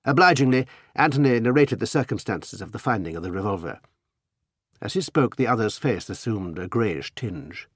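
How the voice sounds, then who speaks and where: Husky male audiobook narrator. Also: fairly low pitch, lively intonation, normal speed, no room sound, studio quality. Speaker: audiobook reader. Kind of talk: scripted narration.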